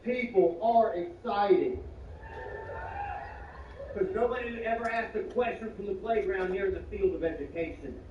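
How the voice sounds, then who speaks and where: A man telling a stand-up story with lots of energy. He swings from hushed asides to loud bursts and uses slang and swearing. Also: high-pitched, unhurried, pauses often. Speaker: stand-up comedian. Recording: roomy, distant, muffled, with clear background noise.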